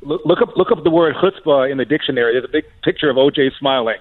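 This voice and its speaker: A man's voice: mid-range voice, fast talker, no echo. A man calling in as a guest commentator, sardonic and chuckling as he talks. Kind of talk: talk show commentary. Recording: tinny phone line.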